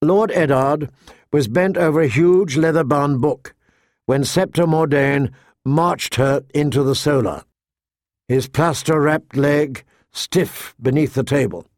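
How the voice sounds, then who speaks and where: A man narrating an audiobook in a measured, expressive storytelling manner. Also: on the high side, dry recording, studio quality. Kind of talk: audiobook reading.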